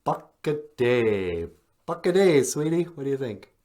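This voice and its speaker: A man hosting a podcast, teaching vocabulary in a relaxed, encouraging way and gently prompting his partner. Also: medium pitch, a little slow. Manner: encouraging, calls partner sweetie. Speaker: podcast host teaching words. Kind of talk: language lesson, casual.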